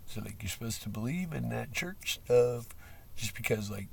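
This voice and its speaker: A man rambles through an unscripted monologue, swearing often and stumbling over fillers, lurching from sudden loud bursts to low mumbles. His voice is gravelly and husky. He sits a bit back from the microphone, so he sounds distant. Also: expressive, moderate pace. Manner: rambling, profane, with frequent fillers and laughs; swings between loud outbursts and mumbling. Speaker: livestream host.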